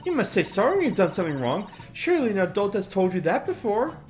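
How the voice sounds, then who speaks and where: A cheerful young British girl inventor, as a woman puts her on chirps with a raised, sing-song voice and a prim, scolding manner. Her pitch leaps up and down widely, and faint music plays behind her. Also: big pitch swings, fast, darkish tone, lightly acted. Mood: bubbly prim.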